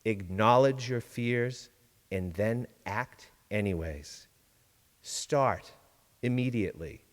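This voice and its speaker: A man giving a sermon-style reflection from a church pulpit, measured and deliberate, with dramatic pauses. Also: lowish voice, long reverb tail. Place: large church sanctuary.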